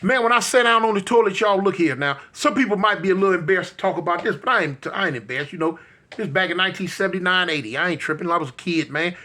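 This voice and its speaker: A bright, ringing male voice telling a funny story from his own life. He is in his fifties, talks to the audience like old friends, and bursts into sound effects and exclamations as he acts out each moment. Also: high voice, fast talker. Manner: addresses listeners directly, colloquial. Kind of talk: comic personal storytelling.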